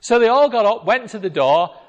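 Animated preacher man in a reverberant hall. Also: high voice, a little fast. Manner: animated storytelling, acting out voices. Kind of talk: sermon.

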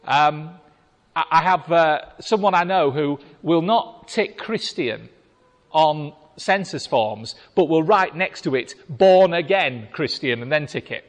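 A man's voice: fairly high pitch, lively intonation, measured pace. A British man preaching a sermon in a chatty, wry way, reading scripture and talking with the congregation. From Britain. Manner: conversational, wry asides to the congregation. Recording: reverberant hall.

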